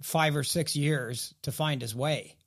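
An opinionated man co-hosting a casual podcast, talking in bursts with plenty of repeated words and restarts. His voice sits a little on the higher side. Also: slow. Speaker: podcast co-host. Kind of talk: casual hockey podcast chat.

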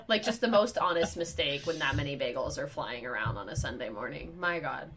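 Lively New York woman telling a story. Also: deep voice, fairly quick, hardly any pauses. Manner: animated, swearing, acts out quoted people. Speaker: comedian guest. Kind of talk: casual podcast chat, storytelling.

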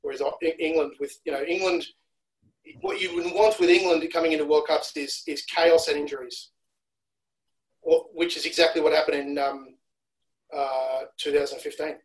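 Aussie-raised guy breaking down rugby stats on a podcast, a bit higher voice, keeps restarting words. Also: steady tone, moderate pace, rough recording. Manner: analytical, repeats words when restarting. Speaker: rugby analyst guest. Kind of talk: casual podcast chat.

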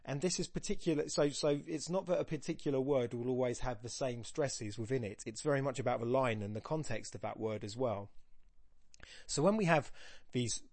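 A man who hosts a podcast and teaches, analysing a poem aloud, musing and stopping himself mid-thought and reading quoted verse slowly. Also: medium pitch, darkish tone, no echo. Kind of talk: thinking-aloud poetry analysis.

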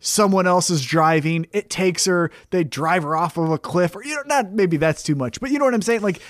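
A man with a high, light voice talks in a loose, rambling way as co-host of a casual podcast. He sounds excitable and swears freely. The sound is dry and close, with no room around it. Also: brisk, no room sound. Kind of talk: casual wrestling chat.

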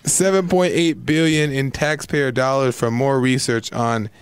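A man's voice: mid-range voice, steady tone, a little slow, smooth, dry recording. A man in a radio studio, easygoing and sheepish, reading aloud between chuckles. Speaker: studio guest on a radio show.

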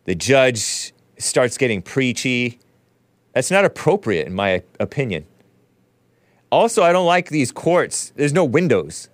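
A man's voice: medium pitch, very animated, measured pace, no echo. A man hosting a talk show, commenting sarcastically in a rambling, casual way, often laughing at his own remarks. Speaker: show host.

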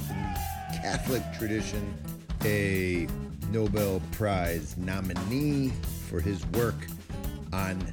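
A man hosting a podcast interview, asking animated, enthusiastic questions. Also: lowish voice. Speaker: podcast host.

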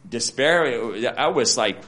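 A man in his sixties giving a candid, rambling personal testimony with dark humor, often restarting his sentences. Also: mid-range voice, expressive, unhurried. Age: 60s. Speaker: interviewee. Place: support center.

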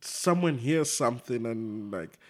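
A man's voice: mid-range voice, animated, unhurried. A man in a casual book discussion, retelling a comic in a rambling, hesitant way with frequent fillers. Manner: rambling, retells a comic with quoted voices, laughs. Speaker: podcast co-host discussing a book.

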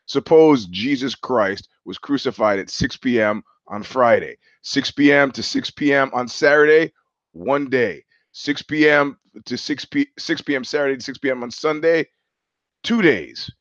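A man's voice: medium pitch, a little slow, a bit bright, no echo. A man hosting a live-streamed solo monologue on a headset mic, rambling and wry, often poking fun at himself. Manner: rambling, wry, self-mocking. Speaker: show host. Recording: dull dry lo-fi stream audio.

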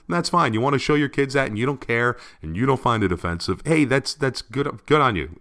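Podcast co-host, male, bright voice, rambling and opinionated, casual delivery. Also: medium pitch.

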